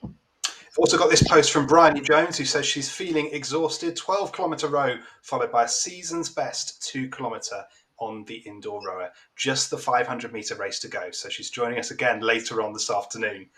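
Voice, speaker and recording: Brief: male live-stream presenter, mid-pitched, upbeat, reading out viewer posts. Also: moderate pace, fairly bright tone. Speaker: social media presenter. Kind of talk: live event broadcast presenting.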